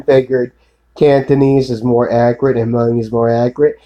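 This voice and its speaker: A man's voice: medium pitch, level tone, normal speed, dark tone, poor audio. A man in a rambling solo monologue, ranting profanely and accusingly, repeating filler tags and addressing an unseen woman.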